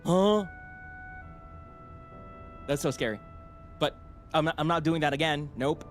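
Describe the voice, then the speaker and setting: A young man chatting excitedly on a livestream, rambling and jumping between shouting and mumbling. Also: a little high, unhurried, long pauses, faint music behind. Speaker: streamer. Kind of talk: excited casual livestream chat.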